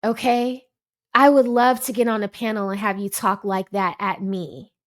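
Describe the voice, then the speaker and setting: A woman's voice: mid-range voice, little pitch movement, normal speed. A woman giving an exasperated, emphatic commentary, lecturing as she reacts to a panel clip. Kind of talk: ranting commentary.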